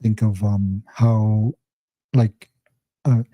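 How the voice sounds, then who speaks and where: A man's voice: on the low side, drawn-out words, no room sound, highs cut off. A man organizing a workshop, speaking hesitantly with lots of fillers in casual live-stream chat. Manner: hesitant, filler-heavy, flat delivery.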